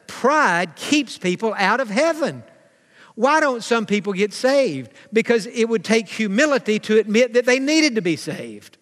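A man preaching a sermon as pastor, slowing down for emphasis and acting out the voices of people he quotes. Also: high-pitched, a bit bright, long reverb tail. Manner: preaching with dramatic slowdowns and acted-out quotes.

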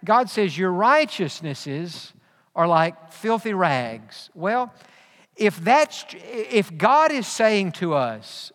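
A man's voice: sits high, very animated, takes it slowly, fairly bright tone. A man preaching a sermon as pastor, earnest and repetitive, often restarting his phrases. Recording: long hall reverb.

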